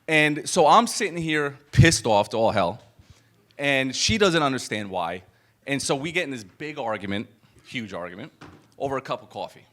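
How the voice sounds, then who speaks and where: A man's voice: mid-range voice, moderate pace. A man giving a live motivational talk to an event audience, telling a personal story in a conversational way, with restarts and acted-out quotes. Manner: animated and conversational, full of fillers and restarts, acts out quoted dialogue. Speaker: business coach speaking to an event audience.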